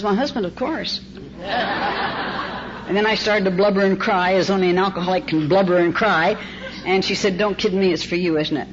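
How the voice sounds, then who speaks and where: An older woman from California tells her own recovery story to a meeting. She is wry and self-mocking, and she acts out the dialogue as she goes. The sound is dull, with a faint tape hiss underneath. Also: on the low side. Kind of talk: personal testimony told to an audience. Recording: muffled old cassette tape with faint hiss.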